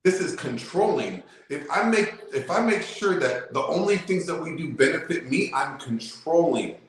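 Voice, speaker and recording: A man's voice: fairly high pitch, expressive, normal speed. Emphatic man in a very echoey room. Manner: emphatic, repeats himself, lectures. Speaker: guest. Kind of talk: casual debate on a live show.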